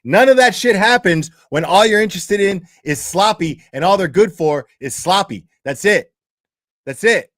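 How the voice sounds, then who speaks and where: A man's voice: high-pitched, expressive, moderate pace, fairly bright tone, dry recording, studio quality. A man hosting a commentary show, delivering a crude, profane rant with emphatic repetition. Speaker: commentary host.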